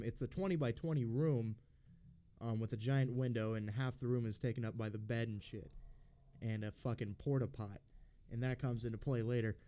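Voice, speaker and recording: A man with a mellow, dark-toned voice sits in the middle of the pitch range as he recounts a story to his podcast co-host. He rambles and swears nonstop in a blunt, unpolished way, often circling back with fillers and restarts. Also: clear, resonant tone. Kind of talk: casual storytelling.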